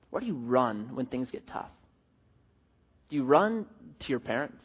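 A man preaching a sermon, telling a personal story in an animated way and asking the audience questions. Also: fairly high pitch, normal speed, long pauses, slightly rough. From US West Coast. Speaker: pastor. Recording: dull hall reverb.

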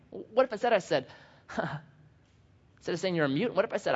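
A man's voice: high-pitched, quick pace, long pauses, husky. A male pastor giving a casual, conversational sermon, acting out quotes and joking at his own expense. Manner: animated, conversational and self-deprecating, acting out quotes. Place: church sanctuary. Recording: dull lo-fi audio in a long-reverb church hall.

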